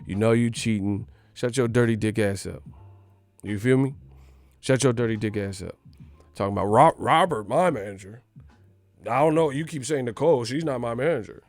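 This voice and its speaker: A man's voice: medium pitch, darkish tone, no echo. A cocky man ranting about boxing, talking brashly and swearing a lot. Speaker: boxing commentator. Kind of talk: profane ranting monologue.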